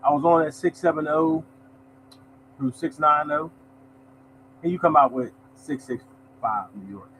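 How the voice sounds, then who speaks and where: A man's voice: on the high side, unhurried, pauses often, a bit bright, slight background noise, low-quality recording. A man hosting a lottery show, chatting casually as he reads results and greets viewers by name. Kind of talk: casual live-stream chat, reading results.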